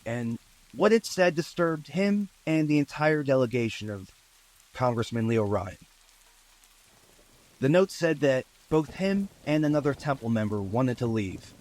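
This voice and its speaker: A man's voice: mid-range voice, darkish tone, poor audio. Casual man telling a true-crime story. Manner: conversational, with asides and fillers.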